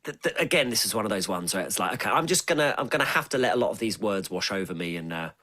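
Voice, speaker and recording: A man's voice: fairly low pitch, quick pace. A man co-hosting a casual podcast, hesitant and searching for words. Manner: hesitant, lots of fillers and restarts, lively intonation. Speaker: podcast co-host. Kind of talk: casual chat.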